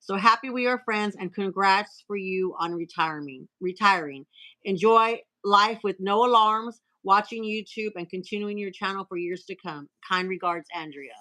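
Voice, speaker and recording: A woman hosting a casual live stream, reading out cards and messages in a chatty way with filler pauses. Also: mid-range voice, bright, forceful tone, rough recording.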